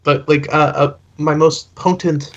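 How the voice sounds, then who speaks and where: Man, tabletop player, slow and halting, playful, higher voice, dull lo-fi sound. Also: steady tone, fairly bright tone. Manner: playful, hesitant, drawn-out speech. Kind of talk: casual tabletop role-play. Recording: dull lo-fi mic.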